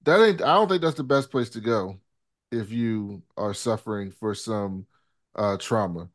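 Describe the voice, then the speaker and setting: A man's voice: on the low side, a little slow. A man co-hosting a casual podcast recap of a TV episode, laid-back and profane, retelling scenes with quoted dialogue. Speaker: podcast co-host.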